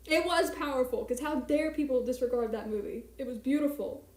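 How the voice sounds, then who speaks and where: A young woman chats through a late-night live stream in a somewhat high voice. She rambles and mocks herself. Her voice rings a little in an echoey room at home. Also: a little fast, a little mellow. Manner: chatty, rambling, self-mocking. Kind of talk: casual live-stream chat. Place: small home apartment at night.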